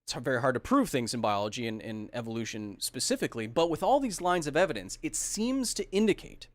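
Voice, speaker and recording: A man's voice: fairly high pitch, no echo. A man hosting a science podcast, chatting casually and joking while answering viewer comments. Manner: enthusiastic, jokey, reads chat comments aloud. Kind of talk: casual livestream Q&A.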